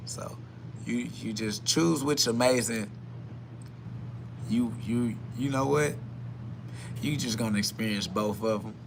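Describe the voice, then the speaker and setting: Host, male, bright tense voice, preachy live self-talk, faint background hum. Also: mid-range voice. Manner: preachy, repetitive, swings between quiet musing and loud emphatic bursts with laughter. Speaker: podcast host.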